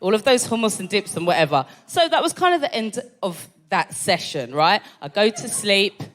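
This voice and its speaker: A woman's voice: mid-range voice, very animated, normal speed, fairly bright tone. Stand-up comic: brash woman, swears freely, keeps checking "right?" with the room. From London. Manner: brash storytelling, swearing, tags lines with "right?". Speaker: stand-up comedian. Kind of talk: stand-up set at a live comedy club. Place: comedy club stage before a live audience.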